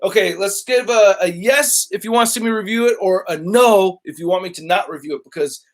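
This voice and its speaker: Excitable high-voiced man streaming. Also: fairly quick. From United States. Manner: excitable, rambling, reads chat aloud. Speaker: toy collector YouTuber, live-streaming host. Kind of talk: casual live-stream chat.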